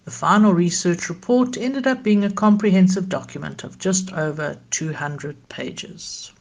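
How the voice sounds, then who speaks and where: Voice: medium pitch, unhurried, creaky. A speaker explaining research analysis in a matter-of-fact scripted voice-over.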